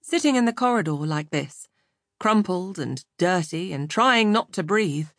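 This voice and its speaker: This audiobook narrator, a woman with a lowish voice, delivers scripted storytelling evenly and with measured pacing. The sound is studio quality with no room sound.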